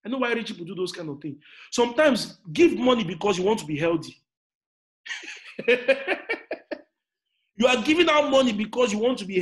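Nigerian man, 30s, motivational speaker; high-pitched, hammering repetition, hushed lines flaring into shouts. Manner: emphatic, repetitive, swings from quiet to shouting. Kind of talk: motivational talk. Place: indoors in an air-conditioned room.

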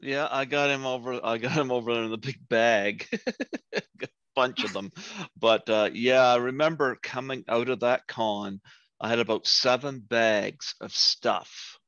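A man's voice: medium pitch, unhurried, fairly bright tone, no echo, lo-fi sound. A man hosting an interview show, telling a casual story that keeps losing its thread, with easy laughter. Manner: rambling, loses his thread and laughs easily. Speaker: podcast host.

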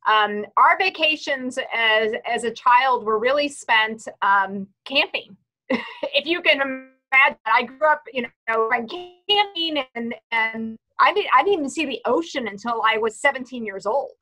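A woman's voice: on the high side, animated, unhurried, pushed and bright, poor audio. A woman from Texas, a panelist chatting casually and telling a story with lots of restarts. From Texas, USA. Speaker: panelist, cruise business president.

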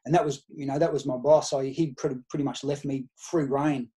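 Fast-talking Australian man telling stories. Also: mid-range voice, fairly even intonation, warm tone. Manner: anecdotal, tells stories by quoting past conversations. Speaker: podcast guest, nutrition researcher and coach. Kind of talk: conversational storytelling.

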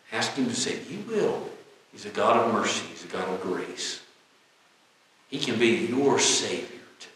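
A man preaching a sermon as a pastor, fervent, swinging between loud exclamations and hushed tones and repeating phrases with rising emphasis. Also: a little high. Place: church sanctuary. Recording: echoey church hall with long reverb.

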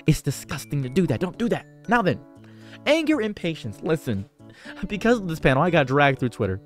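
A man's voice: on the high side, sing-song, brisk, soft background music. A man hosting a commentary video, lecturing on dating in a sarcastic, preachy way and mocking others with exaggerated voices. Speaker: commentary channel host.

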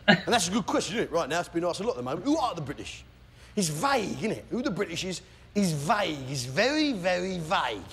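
Bombastic male stand-up comic, lively pitch. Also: fast talker, creaky. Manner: bombastic, shouting, lively crowd work. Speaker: stand-up comedian. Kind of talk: stand-up comedy routine. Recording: noisy recording with loud audience.

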